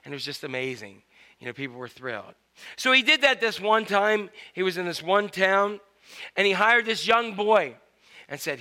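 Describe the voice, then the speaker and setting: A man preaching a sermon to his congregation, animated and storytelling. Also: high voice, a little fast. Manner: storytelling, animated, with acted-out quotes. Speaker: pastor.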